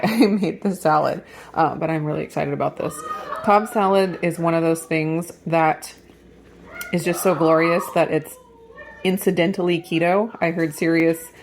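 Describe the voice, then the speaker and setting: A woman with a lowish voice chats through her day, walking around a small home farm and then cooking in her kitchen. Her speech is easygoing and unscripted. A faint hiss of noise sits behind her. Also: steady tone, normal speed, darkish tone. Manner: coos in a high sing-song voice to the animals. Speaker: vlogger. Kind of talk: casual food and farm vlog narration.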